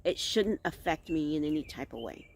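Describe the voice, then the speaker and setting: A woman's voice: sits low, lively intonation, moderate pace, darkish tone. A middle-aged woman hosting a casual vlog outdoors, talking candidly and rambling, often restarting her thoughts. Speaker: vlog host. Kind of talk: casual reflective vlog monologue.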